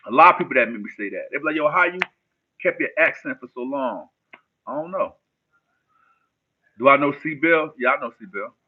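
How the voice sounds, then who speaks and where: A man's voice: medium pitch, lively intonation, brisk, long pauses, husky. A man from New Jersey hosts a loose, casual livestream, trading street slang with his viewers. The sound is narrow and tinny, like it is coming down a phone line. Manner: laid-back street slang, answers chat questions. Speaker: livestream host.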